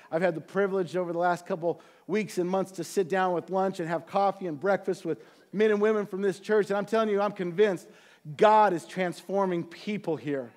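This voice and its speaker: A man's voice: on the high side, darkish tone. A middle-aged man preaching as a church pastor, telling a personal story and building to fervent, earnest exhortation. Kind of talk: sermon.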